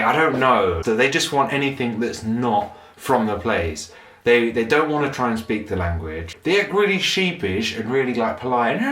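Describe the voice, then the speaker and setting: Low-voiced man in a sweary comedy rant. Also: fairly bright tone, roomy sound. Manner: sweary, mocking, puts on brief voices of tourists. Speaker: comedic commentator.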